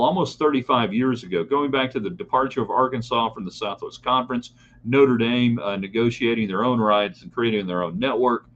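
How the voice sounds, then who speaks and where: A middle-aged man hosts a live sports talk show, opinionated and talking straight to his listeners. His voice sits at an ordinary pitch. The sound is a bit dull, with a faint hum behind it. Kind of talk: live sports talk broadcast reading chat comments.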